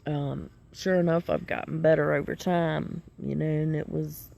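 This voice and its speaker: Gravelly, emotional woman. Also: sits low, level tone, normal speed, dark tone. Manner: tearful, laughing through tears, swears often. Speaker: benzo withdrawal group member. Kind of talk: emotional live video to a support group.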